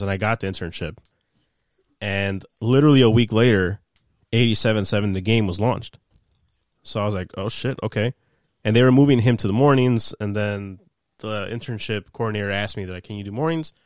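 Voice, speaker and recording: A man's voice: fairly low pitch, quick pace, dry recording, studio quality. A young man, a podcast guest, casually telling stories from his radio days, swearing freely and acting out what people said. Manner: animated, swears freely, acts out quoted dialogue. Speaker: podcast guest, former sports radio producer. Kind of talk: casual storytelling chat.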